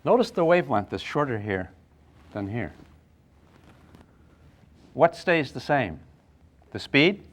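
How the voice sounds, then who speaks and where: An older man teaching a physics class, lively and playful, with sound effects and acted asides. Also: medium pitch, slow pace, long pauses. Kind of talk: classroom lecture at a whiteboard.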